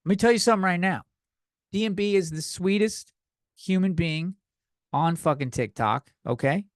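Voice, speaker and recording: Slightly tipsy and a little breathless, a young comedy podcast host goes on a loose, profane, rambling rant. His voice sits high at a moderate pace, and the studio recording is clean and dry.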